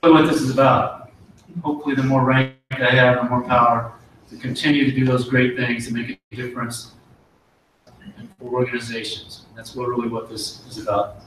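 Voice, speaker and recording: A middle-aged man, an army officer, giving an earnest promotion speech and telling a folksy story with pauses and restarts. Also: medium pitch, level tone, fairly bright tone, far from the mic, a little hiss or hum. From United States. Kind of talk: ceremony speech with war story. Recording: very echoey hall, voice from afar.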